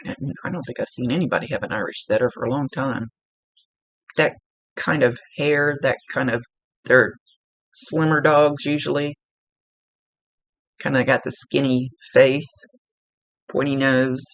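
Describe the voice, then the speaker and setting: A woman working as a psychic medium, giving a casual, chatty reading, blunt and quick to laugh, with the odd swear. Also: extremely low pitch, fairly even intonation, no room sound. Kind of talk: casual spoken reading for a client. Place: indoors at a table.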